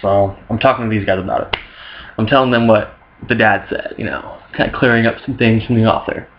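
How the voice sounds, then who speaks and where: A man's voice: lowish voice, brisk, muffled recording, lightly acted. A man voicing Jesus as a laid-back, slangy young guy who talks back to his mother. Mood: defensive. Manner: casual bro slang, defensive.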